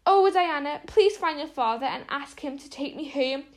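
A woman's voice: high voice, animated, normal speed, voice pushed up. A woman voicing an imaginative young girl who speaks in an earnest, theatrical way, read from a storybook. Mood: pained. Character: dramatic, imaginative young girl, hurt but brave. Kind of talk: storybook reading.

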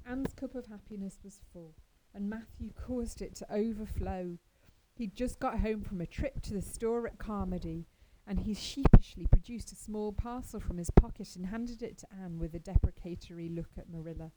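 A woman narrating a classic novel aloud in a gentle, expressive storytelling manner. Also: mid-range voice, moderate pace, heavy background noise. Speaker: audiobook narrator. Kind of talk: scripted narration.

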